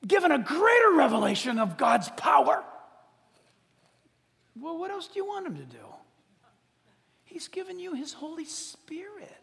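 A man preaching a sermon on a church stage, joking and swinging from hushed tones to shouts. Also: very high-pitched, gravelly. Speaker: pastor. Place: church hall. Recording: long hall reverb.

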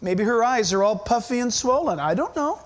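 A man with a strikingly high voice preaches a sermon. He presses each point hard and keeps throwing pointed questions at his congregation. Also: expressive, normal speed. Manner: emphatic, fires rhetorical questions at listeners. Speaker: pastor.

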